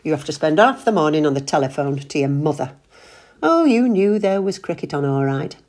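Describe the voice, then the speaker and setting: A woman voicing a sarcastic, grumpy middle-aged husband in a read-aloud story, with a husky, mocking delivery. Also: deep voice, big pitch swings. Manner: mocking, loud and quick.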